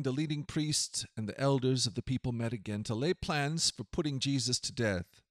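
Male scripture reader, measured, earnest, slightly high voice, dry close recording. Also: dry recording. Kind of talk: scripted narration.

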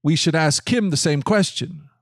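A man's voice: a little high, moderate pace, no echo, clean studio sound, lightly acted. A man voicing an agreeable, devout king in a scripted Bible reading, earnest and reasonable.

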